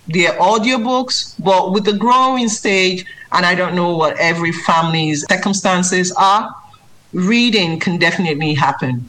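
A woman speaking as a children's book author in an interview. She talks earnestly and with emphasis. She turns lively when she mimics reading aloud to a child. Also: on the low side, rough recording. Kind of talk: interview answers.

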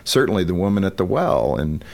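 Earnest low-voiced male guest. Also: big pitch swings, fairly quick, gravelly, darkish tone. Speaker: guest, author. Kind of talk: casual chat.

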